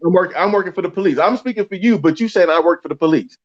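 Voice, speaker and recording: A man's voice: sits high, rapid-fire, muffled recording. A man talking as a guest in a casual conversation, heated and preachy, firing off rhetorical questions.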